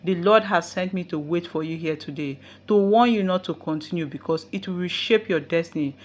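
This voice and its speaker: A woman's voice: fairly low pitch, fairly quick, close to an everyday voice. A woman voicing a male street preacher who warns of doom. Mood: warning. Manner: urgent, warning.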